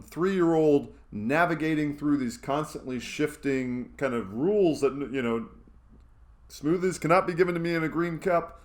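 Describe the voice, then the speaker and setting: A man in his thirties, a church staff member, talking casually to camera and telling a self-mocking story, rambling with fillers. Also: on the high side.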